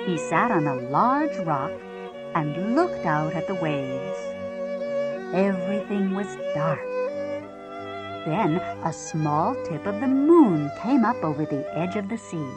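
A woman reading a children's picture book aloud in a slow, expressive storytelling manner, with violin music playing underneath. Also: on the low side. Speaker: storybook reader.

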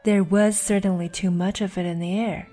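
A woman narrating a classic children's story with a lively, expressive reading. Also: medium pitch, normal speed. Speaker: reader of English literature. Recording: soft background music.

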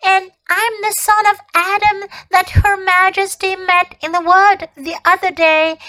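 A woman's voice: very high-pitched, bright, forceful tone, voice pushed up, full character voice, low-quality recording. Woman voicing a trembling young schoolboy. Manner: trembling, pleading. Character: frightened young English schoolboy.

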